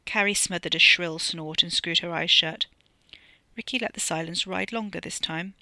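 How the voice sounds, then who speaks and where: Audiobook narrator, author reading, wry, bright, gravelly, dry close sound. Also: medium pitch, normal speed, no room sound. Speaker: author reading own novella.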